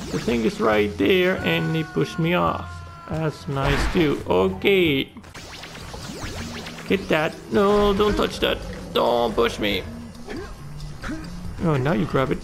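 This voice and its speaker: A man narrates his gameplay in an unhurried, slightly high voice with a gravelly edge. He reacts to the game with plenty of swearing and exclamations. Game music plays clearly behind him. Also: big pitch swings. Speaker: gaming YouTuber. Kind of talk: let's play commentary.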